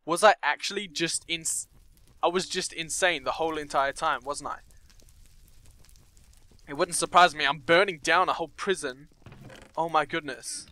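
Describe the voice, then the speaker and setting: A man's voice: fairly high pitch, normal speed, long pauses, bright, forceful tone. A young man commenting on a game, reading story text aloud with nervous asides and startled outbursts. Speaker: gameplay commentator.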